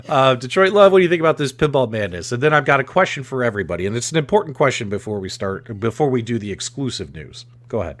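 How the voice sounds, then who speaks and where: A man hosting a gaming podcast, talking in an excitable, animated way. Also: mid-range voice, fast talker, dry recording. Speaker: podcast host. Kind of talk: casual chat.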